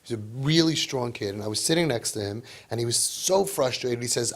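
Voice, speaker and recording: A man giving an inspirational talk to parents, animated and often acting out the people in his stories. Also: mid-range voice, fairly quick. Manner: animated, acts out parents and kids in changed voices. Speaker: parenting speaker.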